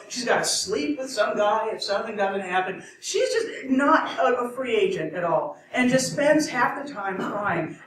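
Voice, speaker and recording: A woman's voice: mid-range voice, a bit bright, slight background noise. A woman telling a comic myth to a live audience, rambling with wry asides and self-corrections. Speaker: storyteller. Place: live event room. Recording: echoey room from far off.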